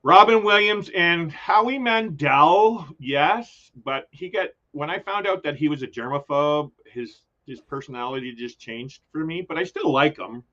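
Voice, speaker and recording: Older man, New York accent, chatty livestream guest, fairly high voice, slightly dull audio. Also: measured pace, few pauses, fairly bright tone. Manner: chatty, laughs often, rambling asides. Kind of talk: casual livestream chat.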